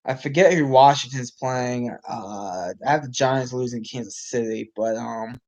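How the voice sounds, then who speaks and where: A man's voice: medium pitch, measured pace, darkish tone. A man casually talking sports as host, rambling with frequent restarts and filler, his voice getting worn out. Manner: rambling, restarts, many ums, reacts to live game. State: losing his voice. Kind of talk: casual live sports talk.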